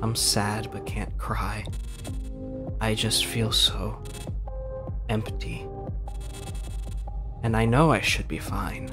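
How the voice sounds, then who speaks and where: A man reading as a worn-down, self-loathing game character who sounds weary and bitter. He speaks at a slow, heavy pace, and game music plays behind him. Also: on the low side, fairly even intonation, gravelly. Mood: hollow. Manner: bitter, weary, bursts into swearing. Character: despairing, self-loathing trapped young character. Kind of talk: reading game dialogue aloud.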